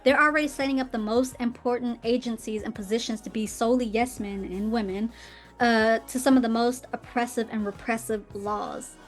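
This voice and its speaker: A woman's voice: fairly high pitch, fairly even intonation, normal speed. A woman hosting her own podcast, reading quotes aloud and answering them with sarcastic, emphatic commentary and laughs. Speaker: podcast host.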